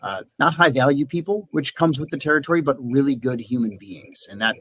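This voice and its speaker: A business coach from southeastern Wisconsin, USA, hosts a live webinar in a casual, upbeat way, with lots of "uh" fillers and restarts. His voice is mid-range and his pace brisk.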